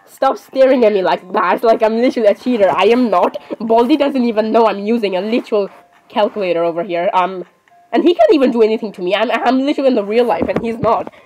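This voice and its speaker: A woman's voice: a little high, fast talker, a little mellow, a little hiss or hum, poor audio. A woman chatting casually while playing a game, often apologizing and saying "literally". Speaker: gamer. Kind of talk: casual gameplay commentary.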